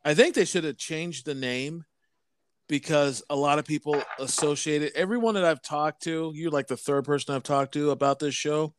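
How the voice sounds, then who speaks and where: A man's voice: fairly high pitch, normal speed, a little hiss or hum. A man co-hosting a podcast in casual chat, rambling and restarting as he searches for words. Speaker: podcast co-host.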